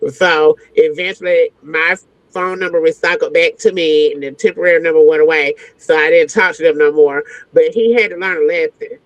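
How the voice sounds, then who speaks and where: A woman's voice: deep voice, steady tone, normal speed, no room sound. Frank, slangy woman telling a wild story. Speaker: guest entertainer. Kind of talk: animated storytelling. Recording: dull lo-fi, dry sound.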